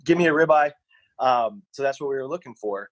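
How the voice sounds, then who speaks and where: A man's voice: mid-range voice, fairly quick, no echo, rough recording. A young man on a podcast, rambling through a personal story and acting out what people said. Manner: rambling, animated anecdote with voiced quotes. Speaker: podcast co-host. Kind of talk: casual storytelling.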